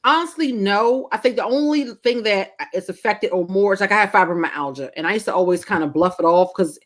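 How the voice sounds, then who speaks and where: A woman's voice: mid-range voice, fairly quick. A middle-aged woman in casual podcast chat, telling a personal story candidly and emotionally, with frequent swearing. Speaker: podcast guest co-host.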